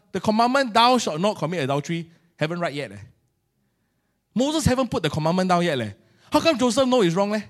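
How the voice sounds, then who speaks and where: Acting out little scenes as he goes, a middle-aged Singaporean English-accented pastor preaches in an animated, colloquial manner. His voice is high-pitched.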